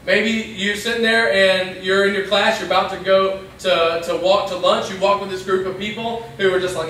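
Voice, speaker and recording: Man preacher, high voice, chatty youth sermon that slips into quoted asides, boomy hall sound from a distant mic. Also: fairly even intonation, moderate pace, pushed and bright, a little hiss or hum. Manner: conversational, acts out little quoted lines. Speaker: pastor. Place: church hall.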